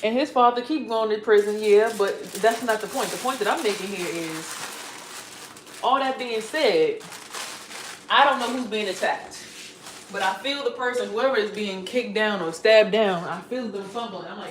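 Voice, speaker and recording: A woman ranting in a rambling live-stream monologue, animated and swearing as she talks. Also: medium pitch, moderate pace, reverberant, distant mic, noisy background. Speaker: vlogger.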